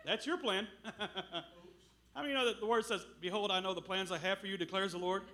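A middle-aged man preaching a sermon as a missionary, telling stories with loud bursts. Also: sits high, moderate pace. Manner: animated storytelling with loud bursts.

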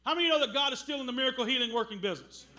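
High, bright-voiced man preaching. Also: rapid-fire. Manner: animated storytelling with loud bursts. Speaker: missionary preacher. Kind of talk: sermon.

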